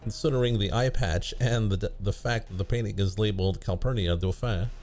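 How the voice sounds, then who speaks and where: A man's voice: lowish voice, fairly quick, a little mellow, slight background noise. A man streaming a game, reading its text aloud with wry, amused asides. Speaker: let's play streamer.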